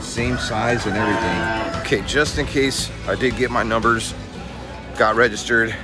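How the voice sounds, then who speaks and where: A man's voice: lowish voice, normal speed, loud music behind the voice. A man hosting his vlog outdoors on a small farm, chatting casually to camera and cooing baby talk at the animals. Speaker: vlog host.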